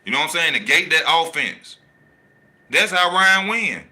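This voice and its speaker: Boxing channel host, man, very bright tense voice, animated slangy delivery that hammers each point home. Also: fairly high pitch, moderate pace. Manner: animated, slangy, repeats his points for emphasis. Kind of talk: casual boxing talk, reading live chat.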